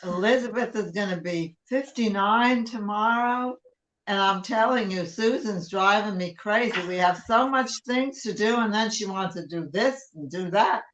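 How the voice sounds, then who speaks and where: An older woman guest, chatty and animated, joining by video call. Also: mid-range voice, moderate pace, roomy sound, dull audio.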